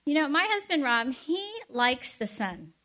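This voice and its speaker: A middle-aged woman giving a storytelling sermon with chatty, animated asides. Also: high-pitched, measured pace. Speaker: speaker at a Christian event.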